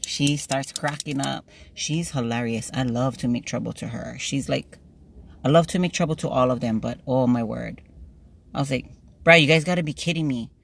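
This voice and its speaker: A woman's voice: rumbling low, moderate pace, creaky, a little hiss or hum. A woman vlogger with a Hawaiian Pidgin-tinged accent spins a workplace story to her viewers. She talks casually and animatedly, slipping into voices for the people she quotes. She laughs easily as she goes. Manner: animated, laughs often, acts out dialogue. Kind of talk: chatty storytelling while getting ready.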